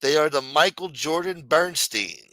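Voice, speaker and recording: A man's voice: a little high, expressive, normal speed, sharp tone, no room sound, low-quality recording. A man hosting a casual livestream, brash and profane, thanking chat donors. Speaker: livestream host.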